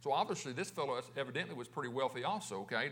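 A man's voice: mid-range voice, animated, very fast, fairly bright tone. A man preaching a sermon as pastor, talking conversationally, restarting words and putting questions to his congregation.

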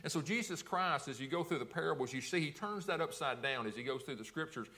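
Fast-talking preacher with a higher voice. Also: male voice, animated, sharp tone. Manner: asks the congregation rhetorical questions and answers them, repeats words. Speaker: pastor. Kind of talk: sermon. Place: church sanctuary.

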